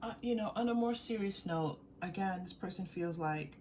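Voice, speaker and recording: A woman's voice: medium pitch, moderate pace, a little hiss or hum. Giggly woman giving a tarot reading. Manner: giggly and warm, often breaking into laughter; chatty, repeats phrases while thinking aloud. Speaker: tarot reader. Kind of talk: intuitive tarot reading to viewers.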